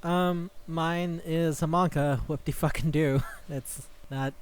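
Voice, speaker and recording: A man's voice: fairly high pitch, steady tone, slow, clear, resonant tone. A man co-hosting a podcast, chatting casually in a rambling way, swearing and laughing easily. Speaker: podcast co-host. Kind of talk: casual chat.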